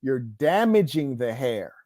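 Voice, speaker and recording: A man's voice: medium pitch, very animated, takes it slowly, warm tone, no room sound, clean studio sound. A man hosting an online livestream, delivering a combative monologue in a boastful, scornful, preachy way. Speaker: online show host.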